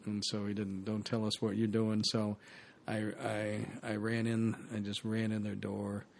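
Gravelly-voiced man telling stories. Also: lowish voice, measured pace, a little hiss or hum. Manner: animated storyteller, laughs mid-sentence. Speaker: actor guest. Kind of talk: casual anecdote telling.

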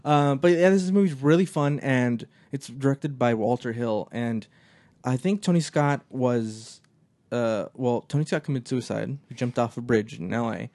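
A man's voice: medium pitch, normal speed, dry recording. A man hosting a casual movie chat, rambling with frequent restarts and fillers, recorded in a small office. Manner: relaxed, rambling with many restarts.

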